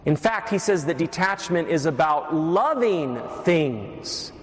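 A man's voice: a little high, lively intonation, slow pace. A man preaching a sermon as a priest, teaching steadily with wry asides to the congregation. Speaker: Catholic priest. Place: church. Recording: echoey church reverb.

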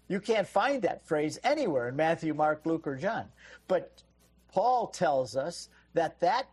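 Husky man explaining on call-in radio. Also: fairly high pitch. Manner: explanatory, teacherly, laughs often. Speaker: radio show guest expert.

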